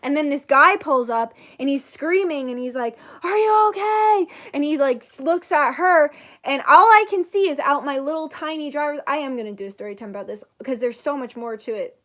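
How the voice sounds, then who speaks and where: A woman's voice: high voice, fairly quick, few pauses. A young woman in her twenties casually telling a story to her channel, swearing freely and acting out what people said. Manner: animated, swears freely, acts out quotes. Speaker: channel host, psychic reader.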